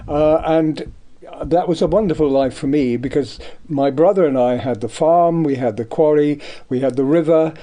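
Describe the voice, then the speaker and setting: A man's voice: fairly high pitch, moderate pace, mellow. An older man from Devon, an artist, reminiscing in a rambling radio interview with many ums. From Devon, England. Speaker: guest, artist. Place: radio studio.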